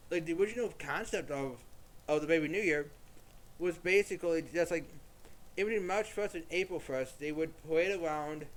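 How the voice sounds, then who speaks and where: A young man chatting casually at home, retelling an old tale in a rambling way with lots of fillers and restarts. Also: fairly high pitch. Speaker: YouTube creator. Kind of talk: casual storytelling monologue.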